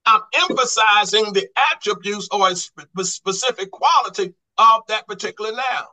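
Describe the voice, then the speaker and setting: Male Bible study teacher, high and bright, quizzing style, repeats and restarts. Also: moderate pace, low-quality recording. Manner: quizzing the class with repeated questions; restarts and repeats words when stressing a point. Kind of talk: Bible study lesson on Greek grammar.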